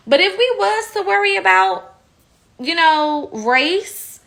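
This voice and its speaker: A woman's voice: very high-pitched, very animated, slow pace, vocal fry, a bit bright. A woman giving heated, blunt opinion commentary, indignant and outspoken. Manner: slips into mocking impressions.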